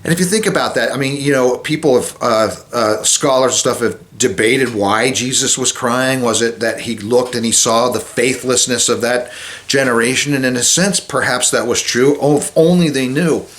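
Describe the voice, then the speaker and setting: A man speaking as a chaplain, giving an informal devotional talk in a conversational way that drops soft and low at solemn moments. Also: normal speed. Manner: conversational, with many restarts and fillers.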